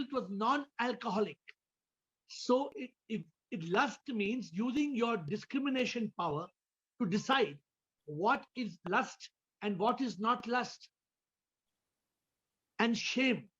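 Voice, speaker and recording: A man's voice: high-pitched, animated, measured pace, pauses often, a bit bright, slightly rough, lo-fi sound. A man, a spiritual teacher, giving a question-and-answer talk over a video call, often repeating words and asking listeners questions.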